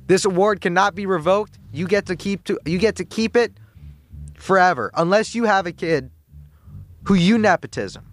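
A man with a fairly high voice hosts his radio show from the studio, ranting in a mock-serious, sarcastic way. He rambles, cuts himself off and restarts his sentences as he goes. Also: moderate pace. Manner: sarcastic, rambling, self-interrupting. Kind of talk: comedic monologue rant.

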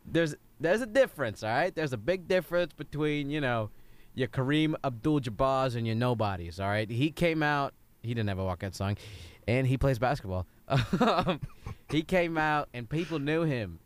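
A man's voice: medium pitch, expressive, racing, hardly any pauses, no echo, lightly acted. A man playing a brash football head coach in an improvised comedy sketch, giving a rambling pep talk with a slipping Southern drawl. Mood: blustering.

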